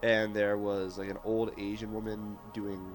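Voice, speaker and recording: A man's voice: on the low side, completely flat delivery, moderate pace, faint music behind. A man player telling a story casually, with laughs.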